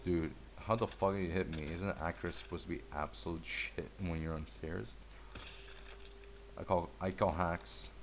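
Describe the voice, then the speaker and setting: A man's voice: low voice, fairly even intonation, normal speed, noisy background. A man giving casual gameplay commentary, laid-back and mumbly, trash-talking and swearing at the game.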